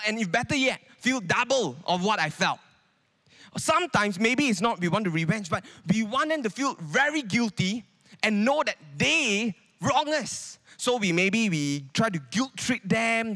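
A man's voice: high-pitched, pushed and bright. A man preaching a sermon in a conversational way, with many rhetorical questions.

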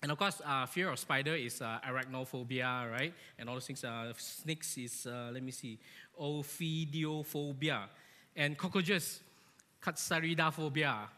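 A man giving a lively, joking sermon to a church, animated and often asking his listeners "right?", in an echoey church hall. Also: mid-range voice, a little slow. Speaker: church speaker.

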